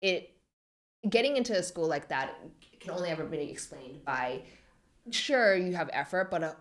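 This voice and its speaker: A woman in her twenties, a podcast guest, talking reflectively and softly with many fillers. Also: on the low side, animated, moderate pace. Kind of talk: podcast interview.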